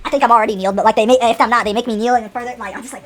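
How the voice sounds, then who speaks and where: A woman's voice: on the high side, steady tone, racing, few pauses. A woman narrating a story casually, rambling with many restarts and dramatic asides.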